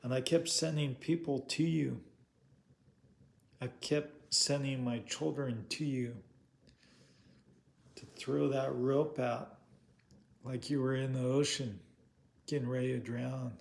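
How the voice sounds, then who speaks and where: A man's voice: medium pitch, steady tone, takes it slowly, vocal fry, long pauses. A man giving an informal sermon, earnest, asking rhetorical questions and repeating himself. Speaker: preacher.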